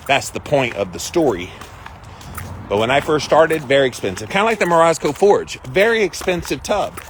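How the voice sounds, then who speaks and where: A man of middle pitch hosting a livestream, retelling a story in a chatty, animated way. A steady wash of traffic noise runs under his voice. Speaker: host.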